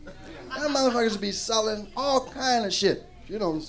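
A man doing stand-up comedy on stage before a live audience, telling a profane, animated story into a handheld mic. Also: very high voice, a little slow, crowd noise.

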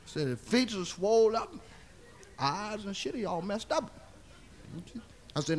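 A man's voice: high-pitched, animated, moderate pace, fairly bright tone, a little hiss or hum. A man telling a long profane comic story, rowdy and laughing as he acts it out. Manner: rowdy, laughing as he talks, acting out the scene. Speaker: comedian.

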